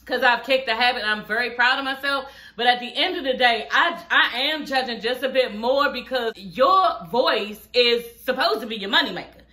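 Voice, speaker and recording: A woman's voice: on the high side, normal speed, hardly any pauses, sharp tone, roomy sound. A young woman, blunt and profane, recapping a reality show in a casual, sassy chat. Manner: sassy, blunt and profane, laughing through the retelling.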